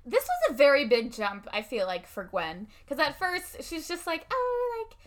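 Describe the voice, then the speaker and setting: A woman's voice: high-pitched, huge pitch swings. A young woman in casual chat, co-hosting and recapping a film plot, laughing often and using lots of fillers. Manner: laughs often, quick reactions, many fillers. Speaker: podcast co-host recapping a film.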